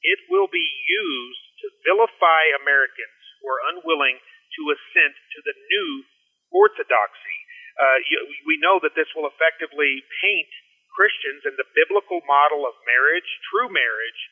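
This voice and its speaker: A man's voice: on the high side, very animated, moderate pace, slightly rough. A man calling in as a guest on a talk radio show, speaking emphatically. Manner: emphatic, forceful phrasing. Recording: tinny phone line.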